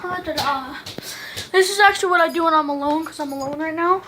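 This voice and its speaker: A woman's voice: very high-pitched, racing, sharp tone, a little hiss or hum. A woman vlogging casually at home, playfully coaxing and chatting to her dog on a handheld camera.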